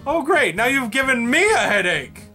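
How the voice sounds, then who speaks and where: A man's voice: very high voice, very animated, normal speed, bright, forceful tone, faint music behind, exaggerated voice. A man voicing an exasperated male puppet host who reads listener suggestions with dry sarcasm in a comedy sketch. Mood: sarcastic. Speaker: segment host.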